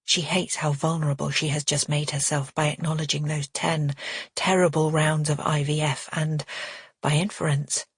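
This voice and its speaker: A woman reading a thriller audiobook in first person, with a measured, earnest delivery. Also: sits low, level tone, husky, no room sound. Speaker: audiobook narrator. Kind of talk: first-person scripted narration.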